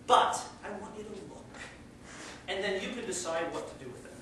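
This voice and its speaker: Male lecturer, high-voiced, encouraging and conversational, distant mic in an echoey classroom. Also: normal speed, a little hiss or hum. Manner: conversational, encouraging, animated storyteller. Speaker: college religion teacher. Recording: echoey classroom, heard from far off.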